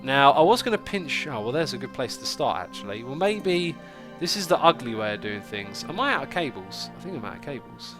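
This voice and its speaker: A man's voice: medium pitch, very animated, a little fast, over music. Congested man chatting while gaming. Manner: chatty, thinks aloud while playing. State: stuffy, congested nose. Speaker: livestream host. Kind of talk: casual gaming livestream chat.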